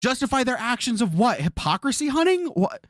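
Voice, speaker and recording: A man's voice: very high voice, sing-song, brisk, fairly bright tone, dry recording. A man streaming live, reacting to a video with incredulous, exasperated commentary full of swearing.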